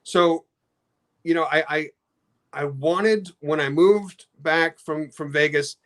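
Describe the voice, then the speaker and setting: A middle-aged man talking casually on a podcast about customer service, halting often with restarts. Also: a little high, a bit bright. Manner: halting, many restarts, storytelling with acted quotes. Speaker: card company customer experience head. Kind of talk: casual podcast talk with slides.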